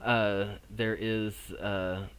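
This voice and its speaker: A man narrating as game master in a tabletop game, halting and full of fillers. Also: fairly low pitch, little pitch movement, a bit bright, slight background noise. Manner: halting, many fillers and restarts. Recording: echoey room.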